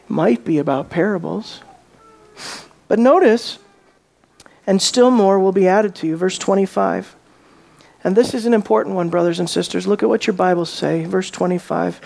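A man's voice: high-pitched, normal speed, gravelly, darkish tone. A man, a pastor, preaching a conversational sermon, asking the congregation questions and dropping to a whisper to make a point. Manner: drops to a whisper for emphasis.

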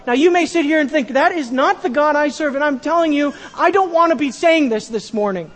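A pastor preaching a sermon, repeating key phrases and swinging from loud emphasis to a hushed tone. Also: male voice, extremely high pitch, brisk, few pauses, big-room sound.

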